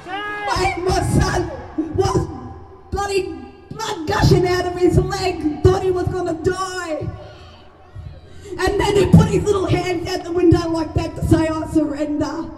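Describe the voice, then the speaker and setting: An Australian woman, a mother, giving a raw and emotional speech at a public gathering. She shouts and swears freely. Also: very high-pitched, fairly even intonation, measured pace, soft background music. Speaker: mother speaking at a rally. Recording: echoey, far from mic, crowd noise.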